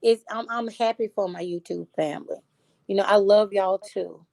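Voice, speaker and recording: Woman, middle-aged, grieving, halting, soft-spoken, gravelly voice, dry close sound. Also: medium pitch, dry recording. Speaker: channel host. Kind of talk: casual heartfelt chat.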